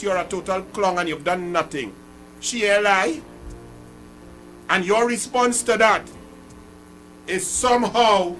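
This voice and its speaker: High-voiced Trinidadian radio host, combative. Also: male voice, a bit bright, slight background noise. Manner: combative, emphatic, repeats phrases. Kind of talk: political call-in radio talk.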